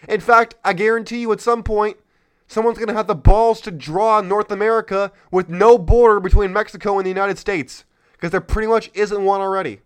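High-voiced man ranting sarcastically. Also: fairly even intonation, fairly quick, clean tone. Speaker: podcast host. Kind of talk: political commentary podcast.

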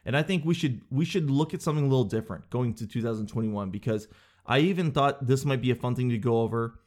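A man delivering a comedic monologue, sarcastic, breaking into high silly voices to mock people. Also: fast talker, a little mellow.

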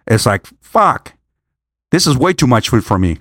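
A man's voice: mid-range voice, very animated, fast, dry recording, studio quality. An older man on a work trip, talking in a casual, rambling monologue, stumbling over restarts and swearing freely.

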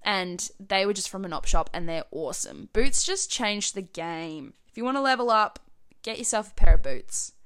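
A woman's voice: medium pitch, big pitch swings, moderate pace, a bit bright, smooth. A young Australian woman chatting to her viewers in a rambling, giggly way, full of "like". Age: young adult. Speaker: vlogger. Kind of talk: casual chat to camera.

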